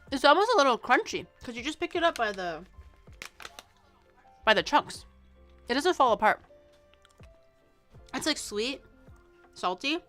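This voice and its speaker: A young woman from Canada, chatting casually on a stream while tasting snacks, excitable and swearing lightly. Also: a little high.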